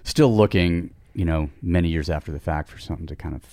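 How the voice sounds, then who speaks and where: A man's voice: deep voice, fast, mellow, dry recording, clean studio sound. A middle-aged man telling a long casual story on a podcast, rambling with many restarts and asides. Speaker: podcast guest.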